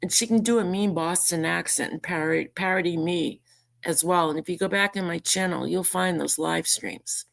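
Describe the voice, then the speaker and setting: A woman's voice: lowish voice, moderate pace, vocal fry. A woman vlogging casual commentary, indignant and sarcastic as she reads out messages and mocks them. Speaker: YouTuber responding to a message.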